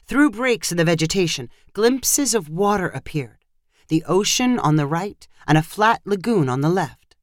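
A narrator reading a short story aloud in a steady, measured way. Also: medium pitch, dry recording, studio quality.

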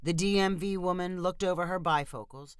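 A woman narrating a storybook in a steady, even reading. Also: on the low side, a little fast, clean tone, no echo, studio quality.

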